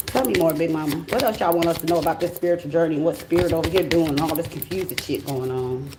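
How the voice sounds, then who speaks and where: A woman's voice: low voice, fast, hardly any pauses, echoey room, a little hiss or hum. Blunt, profane woman reading tarot cards. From United States. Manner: blunt, profane and animated, with slang. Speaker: tarot reader. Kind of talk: casual tarot reading monologue.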